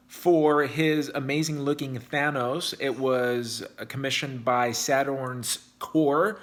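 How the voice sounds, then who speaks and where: A man with a slightly high, slightly bright voice speaks a little slowly while hosting a casual video about custom action figures. He rambles chattily and keeps correcting himself.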